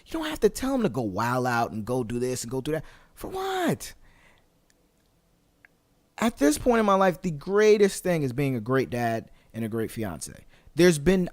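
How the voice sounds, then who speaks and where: A man's voice: on the high side, no echo. Earnest rambling man, dry close mic. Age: 20s. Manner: earnest, rambling, many fillers and restarts. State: slightly hoarse voice. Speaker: podcast host. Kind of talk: casual solo podcast monologue.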